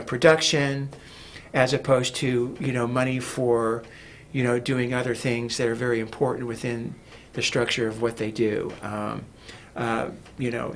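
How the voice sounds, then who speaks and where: A man's voice: medium pitch, a bit bright, a little hiss or hum. A man talking as a guest in a casual interview, rambling with many fillers and restarts. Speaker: guest, music producer.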